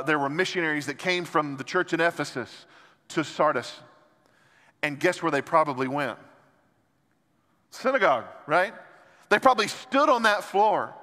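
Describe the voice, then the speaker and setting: A man preaching a sermon as pastor, impassioned, moving between soft and loud passages. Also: fairly high pitch. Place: large church sanctuary. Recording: long hall reverb from church sanctuary.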